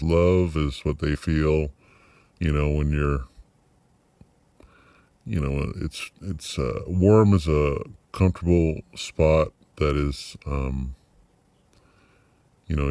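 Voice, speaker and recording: A middle-aged man with an extremely low, deep voice muses aloud in a personal video diary. He pauses often, circles back and restarts his sentences. The sound is dry and close, with almost no room echo. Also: dark tone, smooth. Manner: reflective, halting with many fillers and restarts. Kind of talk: personal vlog monologue.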